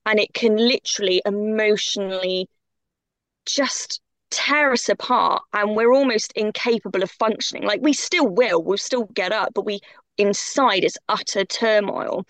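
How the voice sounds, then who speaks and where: A woman's voice: medium pitch, measured pace, fairly bright tone, no echo. A woman guest on a podcast, talking in an impassioned, emphatic way. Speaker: guest coach. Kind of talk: podcast conversation.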